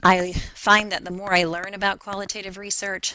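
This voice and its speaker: A woman's voice: medium pitch, flat delivery, moderate pace, bright, forceful tone, no room sound, low-quality recording. A woman giving a recorded self-introduction for a class, speaking hesitantly and stumbling over her words with fillers. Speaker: faculty member taking a graduate class.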